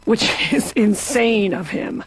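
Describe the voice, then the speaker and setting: A self-absorbed cartoon therapy patient who rambles in a dramatic rush and is always close to crying. Her voice sits a bit high. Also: husky, no room sound, low-quality recording. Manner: rambling, dramatic, quick to cry. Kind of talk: improvised cartoon dialogue.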